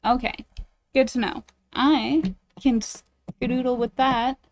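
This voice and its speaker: Bubbly streamer woman, higher voice. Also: fairly even intonation, takes it slowly. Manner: bubbly, giggly, self-deprecating. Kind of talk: reading a dating game aloud, chatting with viewers.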